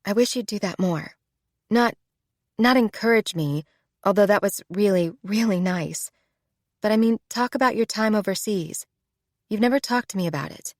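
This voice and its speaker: A woman voicing an expressive young woman in a romance audiobook, close and dry. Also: medium pitch, moderate pace, no echo, lightly acted. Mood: earnest. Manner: animated, shrieks when startled. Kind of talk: audiobook character voice.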